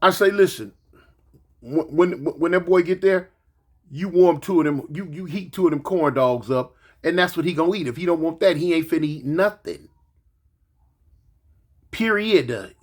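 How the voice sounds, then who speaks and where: Man, 40s, grandfather. Raised voice, animated storytelling, acts out every quote. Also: on the high side, moderate pace, pauses often. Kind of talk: casual storytelling monologue.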